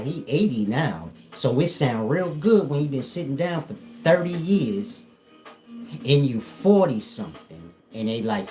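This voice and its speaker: A man's voice: medium pitch, dark tone. A man with an African American Vernacular English accent, speaking as a spiritual teacher to a live audience, blunt, profane and joking.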